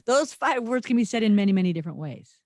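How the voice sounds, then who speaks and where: A woman's voice: medium pitch, expressive, fast, a little mellow, dry recording, clean studio sound. A woman co-hosting a podcast, talking in an earnest, thoughtful, emphatic way and often restarting her sentences. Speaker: podcast co-host. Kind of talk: reflective podcast conversation.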